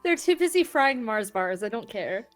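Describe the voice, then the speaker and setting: A woman's voice: a little high, big pitch swings, normal speed, faint music behind. A woman sitting in on game commentary, giggling and teasing with short quips. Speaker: co-player in the room. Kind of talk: casual chat.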